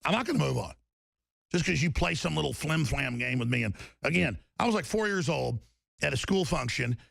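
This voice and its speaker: A man's voice: a little high, lively intonation, brisk, vocal fry, a bit bright, no room sound. A man hosting a political talk radio show, ranting emphatically and restarting his sentences over and over. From Texas.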